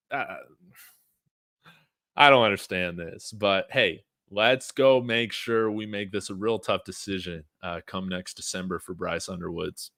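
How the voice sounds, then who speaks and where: A man's voice: lowish voice, measured pace, a bit bright, no echo, clean studio sound. A man hosting a livestream watch-along of a sports commitment, chatting casually to his viewers with many fillers and restarts. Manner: addresses viewers directly. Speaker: sports fan show host.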